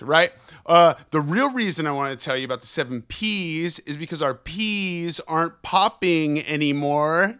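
A man hosting his own podcast, rambling excitedly through a profane, casual monologue full of asides. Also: high-pitched. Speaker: podcast host. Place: on the road.

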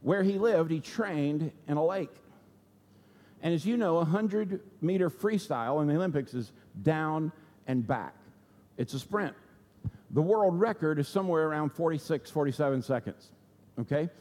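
Male pastor, sermon storytelling, conversational, high voice, long church reverb. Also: animated, moderate pace, a little mellow. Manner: conversational, asks the audience "okay?" and "right?".

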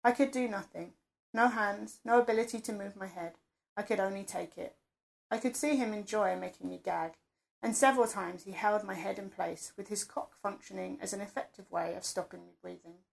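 Gravelly woman reading an intimate story. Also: medium pitch, moderate pace. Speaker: narrator. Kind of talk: first-person erotic story narration.

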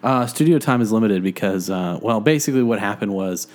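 A man's voice: on the low side, expressive, brisk, darkish tone. Rambling, jokey podcast host man. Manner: self-deprecating, jokey, rambling with many fillers. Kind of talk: casual joking podcast chat. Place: living room.

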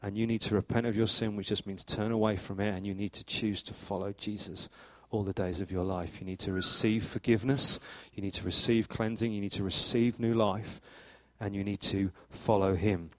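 A middle-aged man preaching a sermon as church leader, telling stories in a lively way with sudden rises in pitch and loudness. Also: brisk, hardly any pauses, dry recording. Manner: animated storytelling, acts out anecdotes with jumps in pitch and volume. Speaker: pastor.

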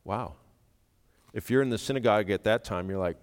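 A man preaching a sermon, speaking earnestly and rising to sudden loud emphasis when he quotes. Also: fairly low pitch, a little fast, pauses often. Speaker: pastor. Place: church sanctuary. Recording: reverberant church hall.

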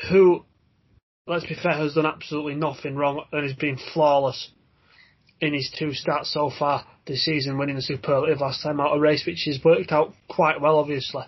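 A man's voice: on the high side, slightly rough, highs cut off. A man hosting a racing podcast, reading out runners and odds in a jokey way. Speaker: podcast host. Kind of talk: casual racing podcast chat.

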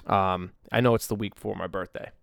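Livestreaming from a tablet and phone at his Nashville home, a mid-thirties musician chats casually on his own solo podcast, rambling with plenty of ums, restarts, and self-corrections. His voice is low, gravelly, and steady, a little fast, recorded clean like a studio with no echo.

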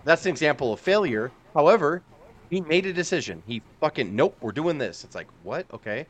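Male co-host, rapid and profane, animated ranter. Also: a little high, dull audio. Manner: profane, animated, acts out outbursts. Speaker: podcast co-host. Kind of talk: casual chat.

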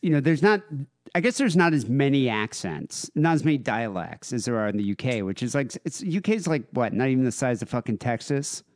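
A man's voice: mid-range voice, very animated, a little fast. An American man co-hosting a podcast, chatting casually and swearing freely in a joking, laid-back way. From United States. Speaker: podcast co-host. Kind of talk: casual profane podcast chat.

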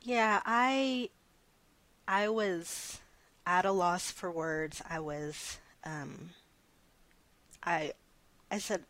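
A woman in her thirties telling a personal story in an interview, soft-spoken and hesitant with many fillers. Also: lowish voice, extremely slow, pauses often, no echo. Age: 30s. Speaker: interview guest.

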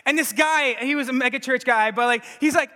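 Male preacher, bright and forceful tone, excitable delivery full of restarts, long hall echo. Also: very high-pitched, brisk. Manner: energetic, laughing, stammering restarts. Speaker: pastor and Bible teacher. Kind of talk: sermon.

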